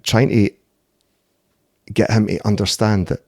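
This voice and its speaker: A man's voice: fairly low pitch, level tone, a little slow, darkish tone, no room sound, studio quality. Blunt, sweary Scottish man. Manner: blunt, sweary storytelling with frequent "eh" and "mate". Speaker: podcast guest, MMA fighter and doorman. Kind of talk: casual conversational interview.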